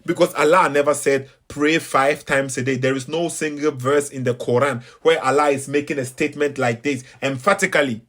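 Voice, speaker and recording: Ghanaian male host, higher register, repetitive, emphatic commentary. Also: steady tone, brisk, hardly any pauses, a bit bright. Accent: Ghanaian English. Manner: preachy, repeats himself, emphatic. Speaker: online debate host. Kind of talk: casual commentary between calls.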